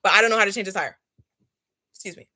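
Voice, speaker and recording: A young woman in her twenties telling a casual, slangy storytime while doing a face mask, animated and laughing often. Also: medium pitch, quick pace. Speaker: vlogger.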